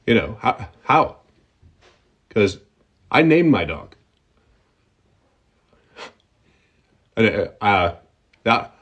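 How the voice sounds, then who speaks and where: Comic doing a stammering, rambling tech-mogul guy, whistling S's, low-ish voice. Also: a bit bright, breathy edge, exaggerated voice. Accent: sibilant front-of-mouth accent, slightly whistling S. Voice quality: heavy unpredictable stutter, repeated words. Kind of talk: comic impression.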